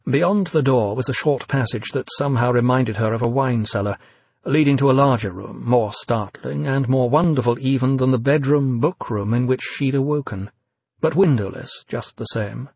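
Brief: husky male narrator, measured descriptive storytelling, dry close sound. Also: mid-range voice, a little mellow, dry recording. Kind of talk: audiobook narration.

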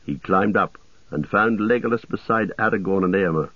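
Man, audiobook narrator, steady, measured, dry, tinny radio-like sound. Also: fairly low pitch, breathy edge, dry recording.

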